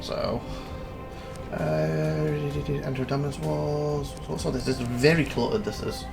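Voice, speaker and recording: Over loud game music, a man with a fairly high, creaky voice commentates a game demo in casual let's-play style for his gaming channel. He speaks a little slowly with fairly even intonation, rambling and thinking aloud while reading through menus.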